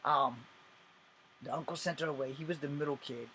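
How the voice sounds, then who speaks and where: A man's voice: a little high, a little fast, sharp tone, a little hiss or hum. A man in his forties telling a personal story casually, rambling, swearing freely and correcting himself as he goes. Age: 40s. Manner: profane, rambling, self-correcting.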